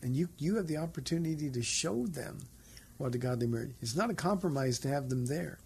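A man, a pastor, hosting a radio call-in show and answering listeners' questions in a gentle, pastoral way. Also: on the high side, animated, a little fast, gravelly, a little hiss or hum. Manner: gentle, pastoral, takes calls.

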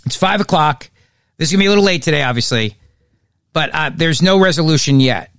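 Man, political podcast host, sarcastic, mocking, slightly high voice, dry close sound. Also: animated, fast talker, fairly bright tone, no echo.

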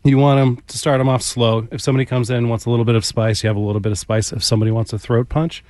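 A man's voice: mid-range voice, flat delivery, very fast, a little mellow, no room sound. A man who is a chef, a guest in a radio studio, explaining his food in a plain, down-to-earth way. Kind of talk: casual radio interview.

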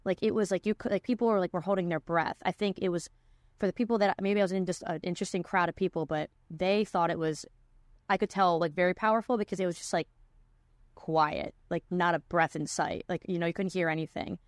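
A young woman hosting a relaxed podcast conversation, her speech full of likes, restarts and quick laughs. The sound is close and dry with no room at all. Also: on the low side, no room sound. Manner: chatty, many likes and restarts, laughs often. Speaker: podcast host. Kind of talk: casual chat.

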